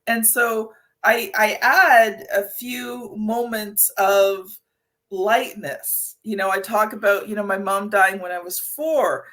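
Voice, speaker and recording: Bright-voiced chatty woman host. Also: mid-range voice, steady tone, takes it slowly. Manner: chatty, many fillers, tells personal anecdotes. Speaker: podcast host. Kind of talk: conversational interview.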